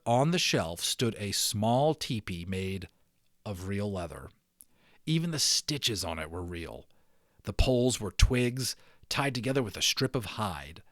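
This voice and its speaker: Brief: male audiobook reader, animated and expressive, mid pitch, dry close sound. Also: no echo. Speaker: audiobook narrator. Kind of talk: dramatic storybook reading.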